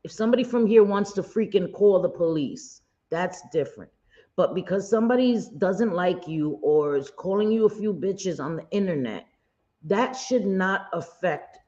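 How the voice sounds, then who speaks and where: A woman's voice: lowish voice, expressive, a little slow, mellow. Blunt woman livestream host, lo-fi audio. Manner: blunt and indignant, with occasional swearing. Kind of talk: casual gossip commentary. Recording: dull lo-fi stream audio.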